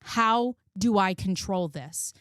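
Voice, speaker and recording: A woman's voice: mid-range voice, slow pace, a bit bright, no room sound, clean studio sound. A woman candidly telling a personal story to her viewers, frank and emotional, swearing freely. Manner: emotional, profane, frank, addresses viewers as friends. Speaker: commentary channel host.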